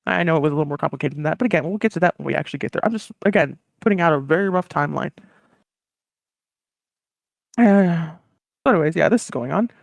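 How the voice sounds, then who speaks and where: A podcast host casually retelling history as comedy, animated with fast asides. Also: mid-range voice, vocal fry, no echo, studio quality.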